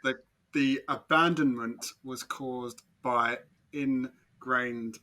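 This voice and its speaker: A man with a bright, forceful voice plays the accuser in a joking mock trial. He keeps a mock-formal, prosecuting tone. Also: medium pitch, steady tone, very slow. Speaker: podcast co-host acting as accuser. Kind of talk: mock courtroom banter.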